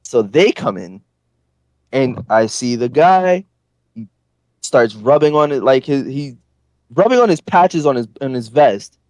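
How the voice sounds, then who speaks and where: A man from northern Florida, a podcast guest telling a rambling, profane, animated story with plenty of fillers. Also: medium pitch, unhurried, long pauses, dry recording. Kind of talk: casual storytelling.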